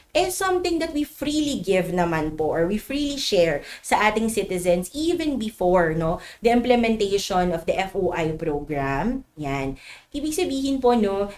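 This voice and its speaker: A woman's voice: mid-range voice, a little mellow. Female trainer, Filipino accent, courteous, conversational lecture style. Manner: polite and chatty, keeps asking the listeners to agree. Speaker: government program trainer. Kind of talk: online orientation lecture.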